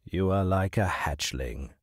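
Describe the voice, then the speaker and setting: A man voicing a proud, condescending male hawk with a deep, unyielding voice in an audiobook story. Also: breathy edge, dry recording, clean studio sound. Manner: slow, condescending.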